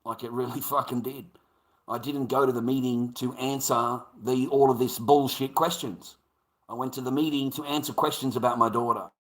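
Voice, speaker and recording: A man's voice: medium pitch, steady tone, normal speed, fairly bright tone. A man on a live stream, ranting in a sweary, emphatic, repetitive way and calling listeners mate.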